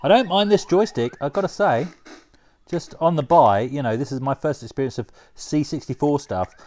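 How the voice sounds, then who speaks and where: Excitable man commentating his gameplay. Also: a little high, moderate pace. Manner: excitable, laughs often, talks to himself while playing. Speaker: retro gaming vlogger.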